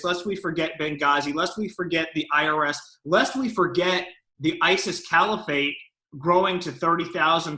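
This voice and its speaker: A man's voice: a little high, pushed and bright, reverberant, low-quality recording. A man co-hosting a political talk show, giving emphatic, lawyerly commentary.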